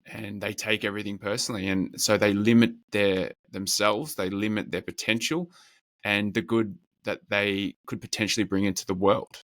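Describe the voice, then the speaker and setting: A man who works as a men's coach, talking earnestly and in measured lists as a podcast guest. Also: fairly low pitch, a bit bright, no echo. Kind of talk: reflective interview talk.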